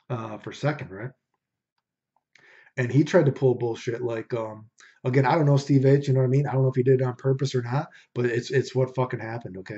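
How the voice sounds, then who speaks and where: A young man, the host of a podcast, rants through a profane story in casual chat, saying "dude" over and over. His voice is medium-pitched with a dark tone, and the recording sounds dull and lo-fi.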